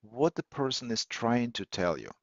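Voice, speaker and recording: A man hosting a live online audio session, teaching in a measured way with many fillers and restarts. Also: medium pitch, very animated, no room sound. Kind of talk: teaching talk on listening skills. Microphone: computer or phone mic on a call. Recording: dull, lo-fi audio call, dry.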